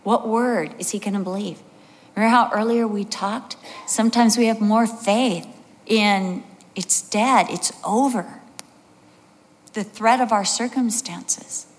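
A woman's voice: mid-range voice, unhurried, big-room sound. A woman in her sixties preaching a sermon, telling stories with animation and acting out the voices of the people in them. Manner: animated storytelling, acts out voices.

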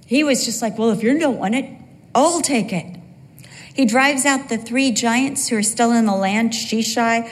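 A middle-aged woman preaching a sermon in a church, lively and humorous, acting out bits of dialogue with quick asides. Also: a little high. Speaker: women's Bible teacher. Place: church sanctuary. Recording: long hall reverb.

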